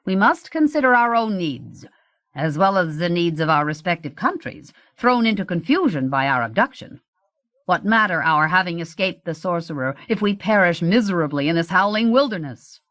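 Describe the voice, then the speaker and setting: A woman's voice: on the low side, big pitch swings, normal speed, fairly bright tone, no room sound. A woman voicing an impatient, indignant male ruler who insists on his point.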